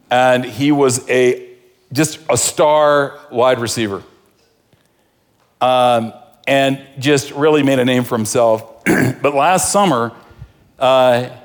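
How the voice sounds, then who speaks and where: A male pastor preaching a sermon, swinging between fervent outbursts and hushed, intimate pleas. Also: medium pitch. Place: church sanctuary. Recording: long reverb of a large hall.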